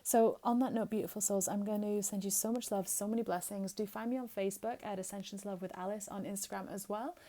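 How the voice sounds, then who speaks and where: Woman doing a spiritual card reading, mellow low-key voice, even tone, lots of ums and rights. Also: fast, few pauses. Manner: flowing, soothing, frequent "um" and "right?".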